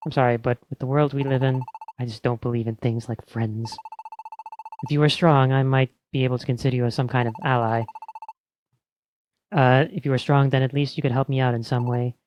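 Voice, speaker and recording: A man voicing a cool, aloof female wanderer creature in a measured tone, reading game dialogue aloud. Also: mid-range voice, fairly even intonation, darkish tone, slight background noise, close to an everyday voice, poor audio.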